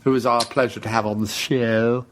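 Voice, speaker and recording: A man's voice: mid-range voice, level tone, moderate pace, noisy background. A man co-hosting a casual podcast, jokey and laughing often. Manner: jokey, laughing, slips into silly put-on voices. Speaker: podcast co-host.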